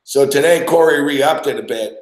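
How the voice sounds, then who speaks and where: A man hosting a sports podcast, ranting casually with swearing and laughter, and getting excited as he recounts plays. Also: a little high, normal speed, roomy sound, rough recording. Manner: profane, laughing, gets excited over plays. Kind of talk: casual sports talk rant.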